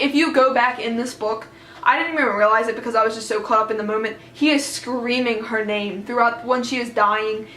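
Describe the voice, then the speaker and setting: A woman retelling a book in a casual, excited, rambling way, full of fillers. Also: on the high side, echoey room, a little hiss or hum, low-quality recording. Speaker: book vlogger.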